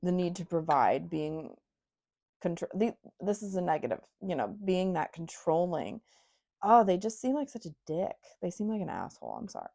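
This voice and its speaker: A young woman with a slightly low voice talks through a tarot card spread for her viewers. She sounds casual and frank, filling her speech with "um" and "you know" and throwing in blunt personal asides. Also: very animated, normal speed, gravelly, mellow. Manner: chatty and frank, with many fillers and asides. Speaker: tarot reader. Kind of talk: casual intuitive tarot reading.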